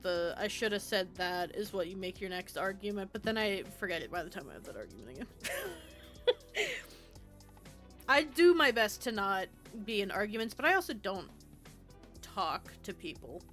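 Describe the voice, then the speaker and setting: Young woman streamer rambling to chat, bright voice, swears a lot, game music faint behind. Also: medium pitch. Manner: rambling, self-deprecating, swears freely. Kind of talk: casual live-stream chat while building in a game.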